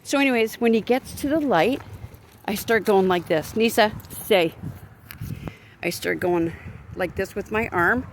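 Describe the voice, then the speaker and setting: A woman's voice: mid-range voice, moderate pace. A woman vlogger and crisis worker, ranting indignantly to a handheld phone while walking her dog on a neighborhood street, rambling with many restarts. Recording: outdoor street noise.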